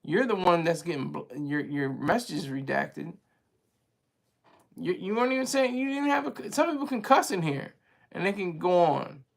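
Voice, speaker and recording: Gravelly-voiced man chatting on a livestream. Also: high voice, animated. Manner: rambling, chatty, quick to laugh. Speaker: livestream host reading viewer chat. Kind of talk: casual livestream chat with viewers.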